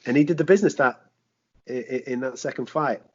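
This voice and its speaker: Animated man, husky voice. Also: medium pitch, brisk. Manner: animated, rhetorical questions, swears, British slang. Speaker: sports presenter, podcast guest. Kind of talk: casual podcast chat. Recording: dull lo-fi podcast audio.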